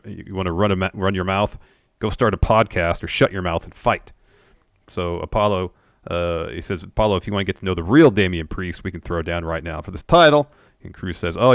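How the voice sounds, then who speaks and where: A man's voice: sits low, no echo, studio quality. A man co-hosting a podcast, recapping wrestling in laid-back casual chat and reading out quotes. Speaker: podcast co-host.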